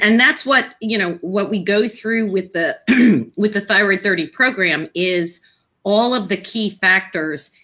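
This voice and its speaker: Woman guest, low-pitched and bright, explains with fillers, coughs and clears her throat. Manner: explanatory, informative, with many fillers. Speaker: guest thyroid patient advocate. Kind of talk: casual live video Q&A.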